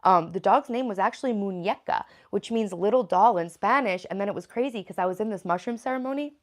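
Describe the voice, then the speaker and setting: A woman's voice: medium pitch, quick pace. A woman hosting a casual livestream, chatting loosely with many fillers and reading viewer comments aloud. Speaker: livestream host.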